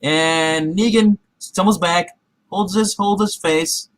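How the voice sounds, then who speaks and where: A man's voice: high voice, slow pace, no echo. Rambling man recapping a show. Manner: rambling, heavy with fillers and restarts; acts out characters' quotes in his retelling. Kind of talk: casual TV recap chat.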